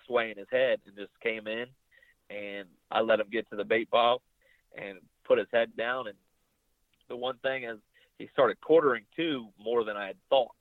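A young adult man telling a long hunting story in a casual interview, rambling and animated, acting out the things people said to him. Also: medium pitch, normal speed, dry recording. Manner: rambling, animated retelling with quoted dialogue. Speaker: bowhunter guest. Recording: phone-like line, very dry.

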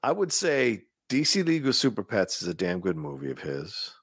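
Podcast co-host, male, gravelly and husky, lively and rambling, dry close mic. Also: lowish voice, moderate pace, no room sound. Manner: opinionated, laughs often, rambling. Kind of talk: casual movie chat.

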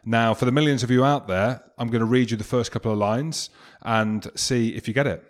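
A man's voice: mid-range voice, brisk. Jokey man co-hosting a podcast. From England. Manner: jokey, self-mocking banter. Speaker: podcast co-host. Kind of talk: casual podcast chat.

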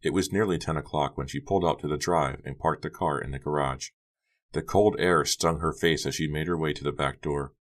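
A man narrating an audiobook in a steady, dramatic reading. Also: rumbling low, brisk.

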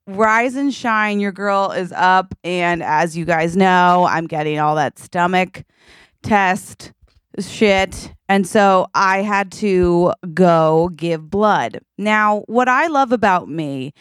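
A woman in her thirties co-hosting a podcast, telling a story in a lively chatty way, acting out her own lines and tossing in "okay?" and "like" a lot. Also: lowish voice, slow, smooth, no echo, studio quality. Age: 30s. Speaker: podcast co-host. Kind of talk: casual podcast chat.

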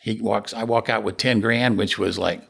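A man's voice: lowish voice, steady tone, moderate pace, vocal fry, a bit bright, breathy edge. An older man, a developer and podcast guest, telling rambling stories of his career and acting out old conversations. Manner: rambling anecdotes, acts out dialogue. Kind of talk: casual storytelling interview.

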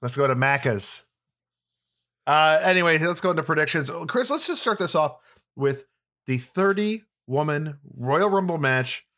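A man's voice: on the high side, expressive, moderate pace, fairly bright tone. Laughing, enthusiastic male podcast co-host. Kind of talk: casual podcast chat.

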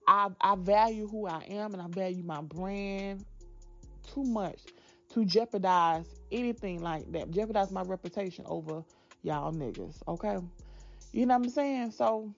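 A woman in her twenties talking candidly to her viewers, blunt and sassy, with emphatic, drawn-out asides and plenty of profanity. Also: mid-range voice, vocal fry, a bit bright, dull audio, faint music behind. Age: 20s. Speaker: vlogger. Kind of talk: candid casual chat to viewers.

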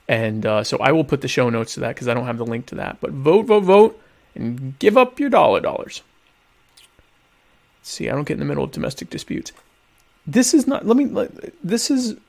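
A man hosting a casual live stream, rambling and interrupting himself, with deadpan, mock-pompous humor. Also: fairly high pitch, creaky. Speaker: live show host.

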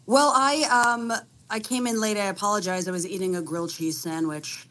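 A woman's voice: mid-range voice, fairly even intonation, fairly quick, fairly bright tone, slight background noise. A woman calling in to a live show, chatty and easygoing in casual conversation. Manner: chatty, easygoing, laughs often. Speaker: caller, friend of the show. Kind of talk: casual chat.

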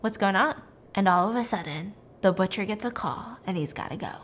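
A young woman podcast host casually recapping a movie plot, chatty and animated with lots of fillers. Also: mid-range voice, brisk.

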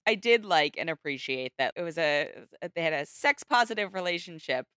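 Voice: medium pitch, expressive, moderate pace, sharp tone, smooth, no echo, clean studio sound. A podcast panelist in a casual film discussion who talks hesitantly, with restarts and hedges.

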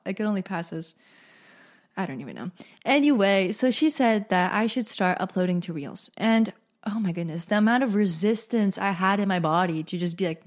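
A woman's voice: mid-range voice, moderate pace. Young woman, podcast host, casual solo chat, playful and self-amused; natural mid-range voice. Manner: chatty and self-amused, laughs at own jokes.

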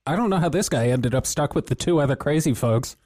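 A man's voice: a little high, animated, quick pace, darkish tone, dry recording, clean studio sound. A man co-hosting a podcast, commenting wryly on a video and laughing often. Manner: wry, laughs often, hesitant restarts. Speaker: podcast co-host. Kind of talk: casual commentary.

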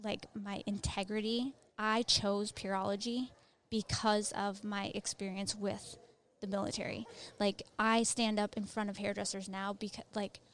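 A woman in her thirties talks easily and at length as an interview guest, her speech full of "like" and "um". She is an Army veteran with a relaxed, conversational way of speaking, pitched in a middling range. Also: a little slow, few pauses, a little hiss or hum. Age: 30s. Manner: chatty, many fillers of "like" and "um". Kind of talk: casual interview chat.

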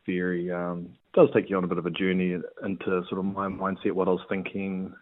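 A New Zealand man and former rugby player, chatting in a relaxed, rambling way as an interview guest. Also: low voice, brisk. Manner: relaxed, rambling with fillers and restarts. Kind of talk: casual interview chat. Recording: tinny phone-like line.

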